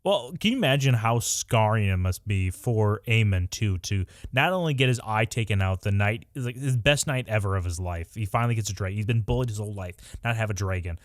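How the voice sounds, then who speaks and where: A young man co-hosting a podcast, talking in an animated, exasperated way in casual chat. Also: on the low side, a little fast, hardly any pauses, no room sound, studio quality. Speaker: podcast co-host.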